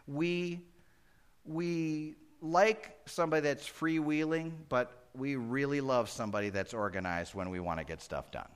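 A man preaching a verse-by-verse sermon as pastor, animated and conversational, swinging between loud emphasis and hushed asides. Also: on the high side, normal speed, clean tone. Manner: acts out Bible characters conversationally. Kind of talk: expository sermon.

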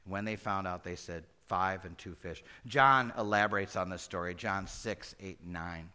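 Man, pastor, bright tone; lively verse-by-verse preaching that drops to quiet asides. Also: sits low, normal speed, clean tone. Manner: animated, swings between loud and hushed; acts out Bible characters conversationally. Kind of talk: expository sermon.

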